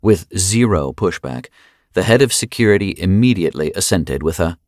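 A man narrating an audiobook in an expressive, wry way. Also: low-pitched, moderate pace, no echo, studio quality.

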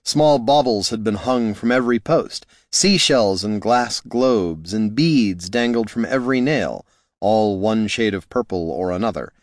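A man narrating a fantasy novel in a steady, measured way. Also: on the low side, no room sound, clean studio sound. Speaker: audiobook narrator.

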